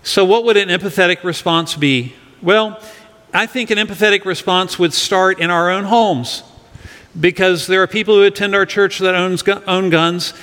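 A man's voice: sits high, normal speed, a bit bright, long reverb tail. A middle-aged male pastor giving an earnest sermon to his congregation, leading them in reading a verse aloud. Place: church sanctuary.

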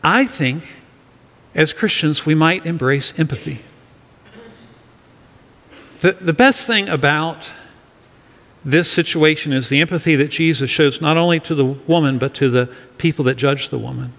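Pastor preaching in a reverberant hall. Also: male voice, on the high side, unhurried, creaky, long pauses, fairly bright tone. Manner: earnest, leads congregation in reading aloud. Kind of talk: sermon. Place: church sanctuary.

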